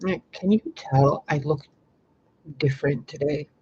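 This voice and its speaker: A man telling a long dream story to his viewers in a rambling, animated way with lots of fillers. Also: a little slow, slightly rough. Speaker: spiritual vlogger. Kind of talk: casual storytelling to camera. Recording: slightly dull lo-fi with faint rumble.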